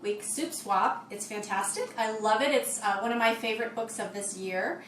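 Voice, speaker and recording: A woman's voice: fairly high pitch, moderate pace, fairly bright tone. A woman hosting a live cooking show from her kitchen, chatting upbeat while describing each step as she cooks. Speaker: host of a live cooking stream. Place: home kitchen. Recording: echoey kitchen, distant mic, faint noise.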